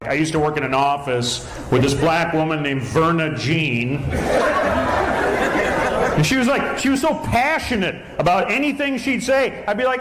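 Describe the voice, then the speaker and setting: A man's voice: fairly high pitch, animated, moderate pace. A man doing stand-up comedy with crowd work on stage, talking in a blunt, teasing and provocative way. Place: stage before a live audience. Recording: loud background noise.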